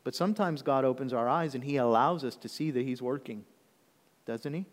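A man's voice: mid-range voice, a little fast. A man preaching a sermon as pastor, talking conversationally and checking in with the congregation often. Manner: conversational preaching with frequent "okay?" check-ins. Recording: long hall reverb.

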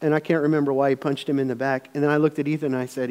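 A middle-aged male pastor preaching in a casual, storytelling way, his fairly high voice carrying a long church reverb. He rambles into anecdotes and restarts his sentences often. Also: flat delivery, racing, few pauses, darkish tone, clear, resonant tone. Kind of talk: sermon. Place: church sanctuary.

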